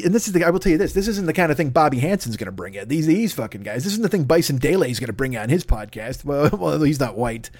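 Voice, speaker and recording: A man ranting on a comedy podcast, profane and rambling, with frequent exasperated outbursts. His voice sits a little higher than most men's, and it is recorded dry and close on a studio mic with no room sound. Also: no room sound.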